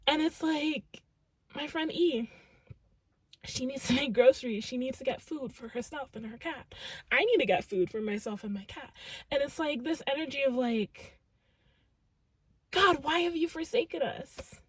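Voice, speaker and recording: High husky woman reading tarot. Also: moderate pace, no echo. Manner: earnest and emphatic, heavy use of "like" and "literally". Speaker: tarot reader. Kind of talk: casual channeled tarot reading.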